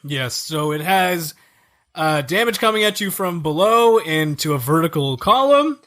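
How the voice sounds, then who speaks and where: Male gaming podcast host, enthusiastic explainer, bright tone, lively pitch. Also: a little slow. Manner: enthusiastic, explaining game levels. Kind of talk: casual chat.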